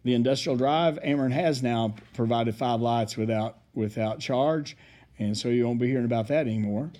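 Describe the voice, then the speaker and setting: Mellow-voiced man giving a council report. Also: mid-range voice, normal speed. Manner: rambling, hesitant, many fillers. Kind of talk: public meeting report.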